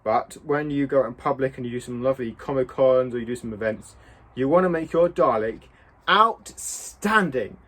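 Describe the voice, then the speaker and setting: Chatty, husky man. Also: medium pitch, moderate pace, a bit bright. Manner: rambling, self-mocking, chatty with asides. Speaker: cosplay prop maker. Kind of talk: casual painting tutorial.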